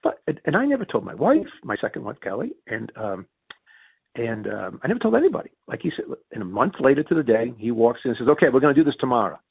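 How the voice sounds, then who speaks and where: A man with a Yankee accent tells business stories in an interview, his gravelly, slightly husky voice leaping around in pitch as he plays out each quoted exchange. He trips over his words and restarts often. The sound is thin and phone-like, with no room around it. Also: fast, no room sound. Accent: Northern US Yankee. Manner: animated, acts out quoted dialogue with big pitch jumps; frequent restarts and repeated words. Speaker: interview guest. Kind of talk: storytelling in a conversational interview. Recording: tinny phone-like dry audio.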